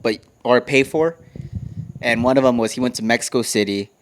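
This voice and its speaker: A young man co-hosting a podcast, telling a story in relaxed casual chat with loose hesitations. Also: mid-range voice, normal speed, slight background noise. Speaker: podcast co-host.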